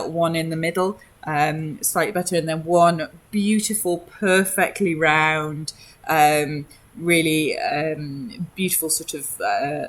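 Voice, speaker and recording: A woman running a tabletop game as game master, narrating scenes in a hesitant, descriptive way with many pauses. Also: low voice.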